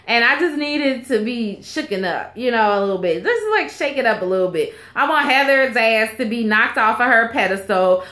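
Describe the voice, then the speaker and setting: A woman's voice: fairly high pitch, fairly bright tone. A woman giving a casual, opinionated recap of a reality TV episode, gossipy and candid, with lots of fillers and asides. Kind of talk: casual chat. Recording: echoey room.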